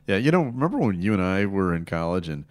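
A man's voice: low voice, sing-song, fast. A man co-hosting a radio show, chatting casually and teasing his partner with dry jokes. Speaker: radio co-host. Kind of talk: casual morning-show banter.

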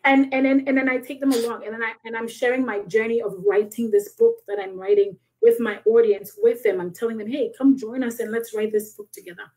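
A woman guest, an author and business owner, talks in an emotional podcast conversation, near tears and a little shaky. Her fairly high voice moves a bit fast with few pauses, and she earnestly restarts sentences between soft laughs. The recording is rough.

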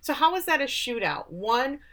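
A woman from Texas co-hosting a podcast, giving a sarcastic, animated recap of a show and acting out the quotes. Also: sits high, normal speed. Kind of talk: casual chat.

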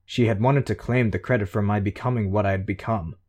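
A man reading a novel aloud in an even, measured first-person narration. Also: fairly low pitch. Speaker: audiobook narrator.

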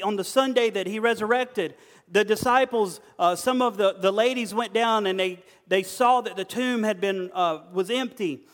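A man's voice: high voice, a bit bright. A man preaching to a group, telling funny stories folksily and acting out the people in them. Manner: folksy, storytelling, acts out quoted voices. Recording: long hall reverb.

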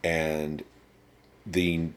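A man with an extremely low, rumbling voice talks through a casual interview. He tells rambling stories, swears freely, and stumbles through plenty of restarts. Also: little pitch movement, very slow. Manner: rambling, profane storyteller. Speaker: interview guest. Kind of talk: casual conversation.

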